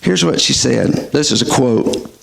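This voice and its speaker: Gravelly preacher, slow and expressive. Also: male voice, medium pitch. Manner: emphatic, rhetorical questioning of the audience. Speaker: pastor. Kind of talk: sermon.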